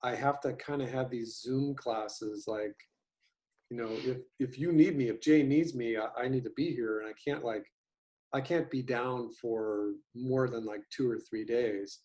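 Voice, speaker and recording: A man in his fifties who teaches animation chats casually on a video call, his mid-range, darkish voice holding fairly even intonation. He rambles haltingly with lots of ums, fillers and restarts.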